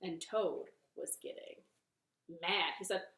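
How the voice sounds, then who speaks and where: A woman reading a picture book aloud for children's storytime, slowly and expressively, from her living room. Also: on the low side, echoey room. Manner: slow, expressive, playful. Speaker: library storytime reader.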